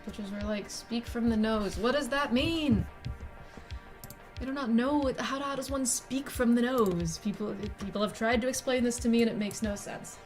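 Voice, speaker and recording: A woman's voice: on the high side, normal speed, faint music behind. Rambling swearing woman streamer. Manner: rambling, self-deprecating, swears freely. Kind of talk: casual live-stream chat.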